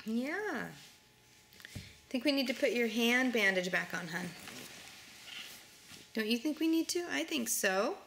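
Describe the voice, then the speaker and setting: A woman's voice: on the high side, expressive, measured pace, creaky, pauses often, a bit bright. A young mother at home, coaxing and cooing at her baby and dogs in sing-song baby talk. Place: at home indoors. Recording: noisy home recording.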